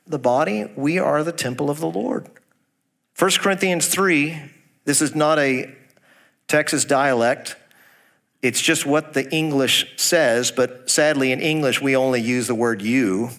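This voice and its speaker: A man's voice: a little high, a bit bright. A male pastor preaching a sermon, asking the congregation direct questions, reading scripture aloud and making folksy jokes. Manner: folksy, jokes about a Texas accent.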